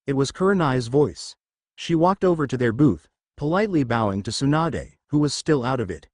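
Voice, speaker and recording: A man reads a fan fiction story aloud in a steady storytelling style. His voice sits at a middle pitch with very lively intonation, and the sound is dry and close. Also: moderate pace, no echo. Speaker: narrator.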